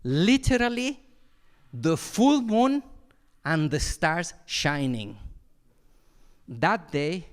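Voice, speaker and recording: Male monk, high voice; animated storyteller who mimics sounds. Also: very slow, long pauses, clear, resonant tone. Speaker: monastic teacher. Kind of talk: dharma talk with storytelling. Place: retreat hall.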